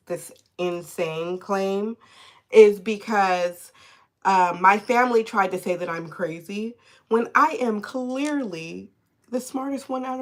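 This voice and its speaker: Fired-up woman tarot reader on a phone livestream. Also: mid-range voice. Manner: animated, indignant, swears freely. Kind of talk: live-streamed tarot chat.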